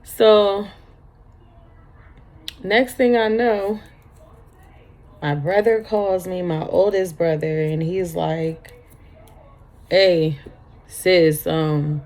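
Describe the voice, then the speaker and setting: A woman in her thirties speaks slowly, her voice carrying a gravelly fry. She tells a personal story for her vlog in a halting, tearful way, breaking into tears at times and repeating her words. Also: lowish voice, darkish tone. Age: 30s. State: crying at times. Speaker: vlogger.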